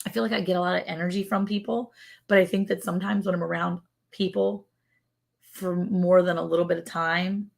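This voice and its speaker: Sleepy, chatty woman with a gravelly voice. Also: fairly low pitch, fairly even intonation, brisk. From Texas. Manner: chatty, laughs often, yawning and sleepy. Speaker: co-host of a ranch livestream. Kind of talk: casual live-stream chat.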